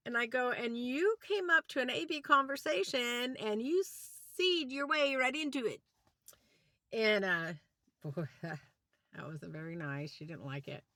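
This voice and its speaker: Speaking from inside a van, a woman vlogger with a fairly low voice tells a ranting story with no room sound around her. She retells it with animation, performing both halves of the dialogue.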